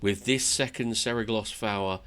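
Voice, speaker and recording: A man's voice: fairly low pitch, fairly even intonation, moderate pace, a bit bright, lightly acted. A man reading aloud the lines of an earnest male dwarf hero telling of his quest, in a plain voice with no accent.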